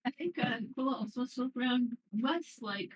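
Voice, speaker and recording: A player at a tabletop game, talking casually and thoughtfully with pauses. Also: mid-range voice, lively intonation, slightly rough, poor audio.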